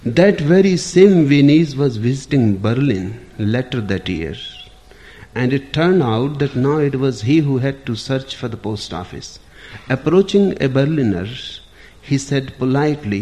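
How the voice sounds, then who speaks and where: A man giving a spiritual discourse in a measured, deliberate storytelling manner. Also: mid-range voice, animated, dark tone. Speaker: spiritual teacher.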